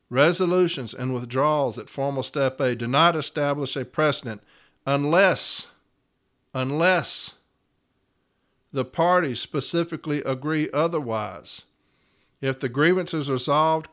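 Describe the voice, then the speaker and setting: A man's voice: fairly high pitch, a bit bright. A man hosting an episode, earnestly explaining a labor arbitration decision and reading contract language aloud with emphasis. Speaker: union steward and podcast host.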